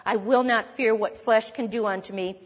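A woman teaching a sermon on a psalm, expressive and lively, acting out quoted lines. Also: fairly high pitch, moderate pace, long reverb tail. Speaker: Bible teacher.

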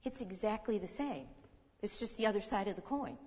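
A woman delivers a sermon at a middle pitch, reading verses and explaining them as she goes. She puts questions to her listeners, and her voice rings with long reverb in a hall. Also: sing-song, fairly quick, a little mellow, husky. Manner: teaching, reading scripture aloud, asking the audience questions. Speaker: preacher.

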